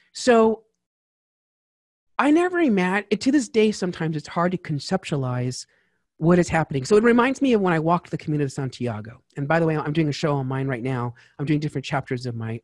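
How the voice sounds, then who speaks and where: A man talking as a tax strategist guest in a casual interview, lively and chatty with lots of asides. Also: fairly high pitch, no room sound, clean studio sound.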